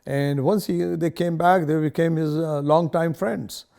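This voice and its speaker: A man interviewed for a documentary, speaking in a halting, reflective way. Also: on the high side, steady tone, vocal fry, mellow.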